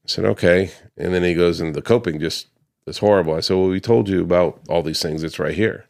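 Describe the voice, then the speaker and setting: A man's voice: sits low, a little fast, vocal fry, a little mellow. A man who runs a paver restoration business, casually recounting a client dispute, slipping into the voices of the people he quotes, with plenty of ums and restarts. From United States. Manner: conversational, acts out quoted customers, frequent ums and restarts. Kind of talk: casual storytelling to camera.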